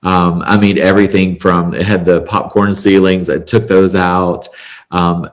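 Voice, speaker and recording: Very low-voiced man telling a heartfelt story. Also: little pitch movement, measured pace. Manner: earnest, emotional, chatty with fillers. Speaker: podcast guest, salon owner. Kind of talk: conversational storytelling.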